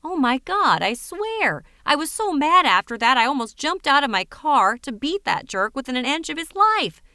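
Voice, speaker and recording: A woman's voice: sits high, sing-song, moderate pace, sharp tone, no echo, clean studio sound, exaggerated voice. A woman voicing a big, cynical, hot-tempered man who rants indignantly. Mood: ranting. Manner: ranting, indignant.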